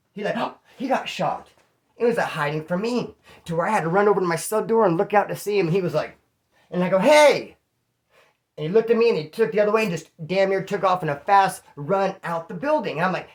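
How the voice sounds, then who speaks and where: A man from California, a former inmate, telling a prison story casually to camera in slangy, animated talk full of bro and dude. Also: high voice.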